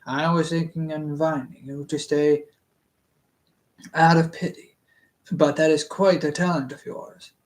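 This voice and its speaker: A reader voicing a calm, polite farm owner. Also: medium pitch, unhurried, pauses often, close to an everyday voice. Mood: measured.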